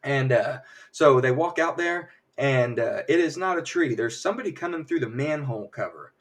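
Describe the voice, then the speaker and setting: A man streaming a casual spoiler recap, rambling and acting out characters' lines in quick, jumpy voices. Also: medium pitch, lively intonation, recorded from a distance. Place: home streaming setup.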